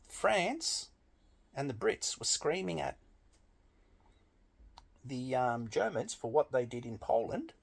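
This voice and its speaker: Gravelly, animated man ranting. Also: mid-range voice. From Australia. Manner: blunt, swearing, emphatic. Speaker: political commentator. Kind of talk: opinionated monologue.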